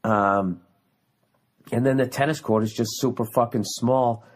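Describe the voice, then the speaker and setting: A man's voice: medium pitch, fairly even intonation, a little slow. A man in his forties hosting his own podcast, telling a story in a heated, profane, ranting way. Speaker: podcast host. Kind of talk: casual solo podcast monologue.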